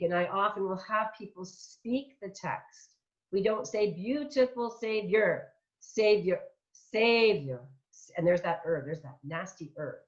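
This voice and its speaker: A middle-aged woman giving a vocal masterclass, chatty and demonstrative, who sounds out example words as she explains. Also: on the low side. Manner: chatty, warm teaching asides. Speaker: vocal coach. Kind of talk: online masterclass teaching. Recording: dull lo-fi online audio.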